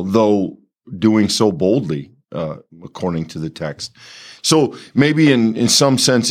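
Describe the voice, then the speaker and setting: This is a man with a very deep voice, commenting on a bible passage in a conversational way. He thinks aloud, pausing and restarting his sentences. His tone is reflective rather than performed. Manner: thoughtful, halting, restarts phrases. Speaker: bible study co-host.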